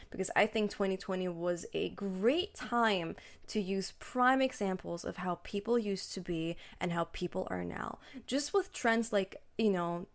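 Gravelly-voiced young woman podcasting. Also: mid-range voice. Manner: chatty and reflective, with frequent "like" and restarts. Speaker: podcast host. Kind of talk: casual solo podcast monologue.

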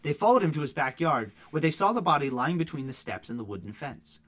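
A man co-hosting a casual true-crime podcast, reading case notes aloud with quick asides. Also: fairly high pitch, very animated, a bit bright. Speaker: podcast co-host.

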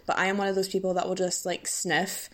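A woman hosts her own podcast alone and chats in a loose, rambling way. She giggles, pokes fun at herself and sounds a little bashful. She is sick, so her nose is stuffed and her throat is rough. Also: lowish voice, level tone, fairly quick, fairly bright tone. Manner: giddy, rambling, self-mocking, giggly. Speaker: podcast host. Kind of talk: casual solo podcast chat.

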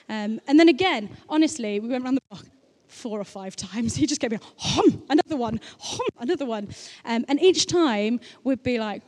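Woman, sermon, chatty and anecdotal, playful asides, slightly high voice. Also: animated, moderate pace, a little mellow. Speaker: preacher. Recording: long reverb of a large hall.

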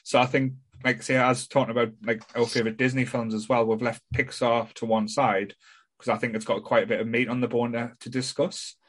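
A man co-hosting a casual podcast chat, talking in a halting way with frequent stammers and restarts. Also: medium pitch, level tone. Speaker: podcast co-host.

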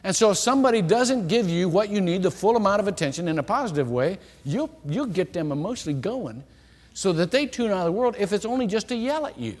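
A middle-aged man preaching a sermon, telling stories with lively acted-out dialogue. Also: high voice, fast. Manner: animated storytelling, acts out quoted dialogue. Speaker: pastor. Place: church sanctuary. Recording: long hall reverb.

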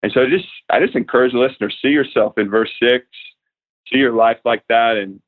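A man's voice: mid-range voice, fairly quick. A man in his thirties, a guest minister on a podcast, telling a story earnestly with lots of fillers. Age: 30s. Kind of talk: podcast interview, spoken prayer. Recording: tinny phone-like remote line.

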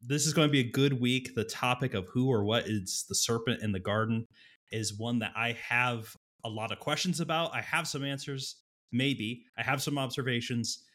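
A man's voice: mid-range voice, normal speed, a bit bright. A man co-hosting a scholarly debate show, opening the live stream in an upbeat, eager way. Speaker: co-host, Old Testament scholar.

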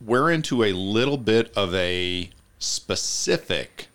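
A man's voice: fairly low pitch, expressive, slow, fairly bright tone. A man hosting a podcast in casual discussion, methodically insisting on defining terms and laughing easily. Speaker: podcast host. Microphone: headphones with studio mic.

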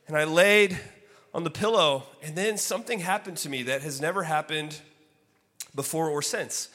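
A man preaching a sermon as a guest speaker, telling a personal story in an animated way and acting out what was said, then easing into softer, reflective teaching. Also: fairly high pitch, moderate pace. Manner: animated, acts out his own story with loud exclaimed quotes; drops to soft, hushed delivery for reflective points. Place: church sanctuary. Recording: long reverb of a large hall.

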